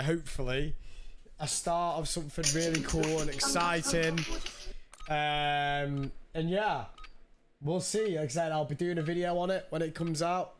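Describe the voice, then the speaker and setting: A British man streaming casually, chatty and greeting viewers by name, his voice slightly hoarse. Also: on the high side, fairly bright tone, slight background noise. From United Kingdom. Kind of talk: casual livestream chat. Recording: game sounds in background.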